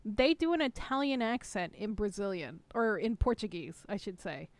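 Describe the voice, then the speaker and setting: A woman's voice: mid-range voice, expressive, moderate pace, dry recording. A young woman co-hosting a stream, chatting casually with a playful, profane, joking manner. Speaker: streamer co-host. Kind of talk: casual chat.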